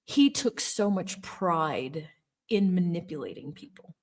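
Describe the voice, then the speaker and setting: Middle-aged woman, lowish voice, earnest storyteller who stresses points by repeating words. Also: lively intonation, slow pace, a little mellow. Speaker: former Jehovah's Witness telling her story. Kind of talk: personal storytelling monologue.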